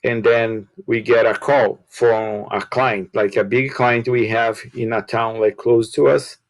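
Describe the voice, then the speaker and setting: A balloon shop owner and guest, telling a casual story in halting with grammar and repeated words. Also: male voice, medium pitch, fairly even intonation, no echo, low-quality recording. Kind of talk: casual storytelling on a live show.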